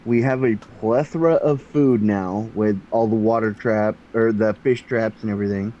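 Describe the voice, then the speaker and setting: A man's voice: fairly low pitch, fairly even intonation, normal speed, warm tone. Man on a dull, muffled mic. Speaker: fellow player. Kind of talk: casual chat.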